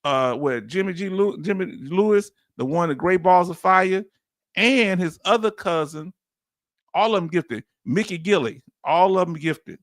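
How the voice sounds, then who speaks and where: Southern guy from louisiana ranting on his show, kinda high voice, dry close sound, lots of rhetorical questions. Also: unhurried, no room sound. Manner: animated, preachy, rhetorical questions, chuckles. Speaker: veteran commentator, host. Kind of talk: casual commentary monologue.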